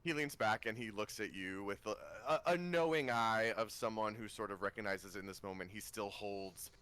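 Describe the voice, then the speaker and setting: A man's voice: on the low side, normal speed, a bit bright, clear, resonant tone. A man narrating a tabletop game as game master, rambling with ums and restarts.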